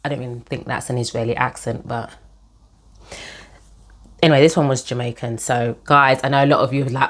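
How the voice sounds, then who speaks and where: Animated, chatty young woman. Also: extremely low pitch, normal speed. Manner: chatty, animated, addresses viewers as guys. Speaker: vlogger telling her own story. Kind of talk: casual storytelling to camera.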